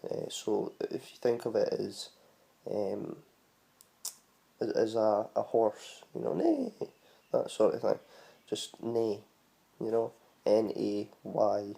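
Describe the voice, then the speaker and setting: Gravelly low-voiced Scottish man. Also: level tone, takes it slowly, pauses often, dark tone. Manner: chatty and rambling, spells words out letter by letter. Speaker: vlogger teaching Scottish words. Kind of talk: casual spoken explainer.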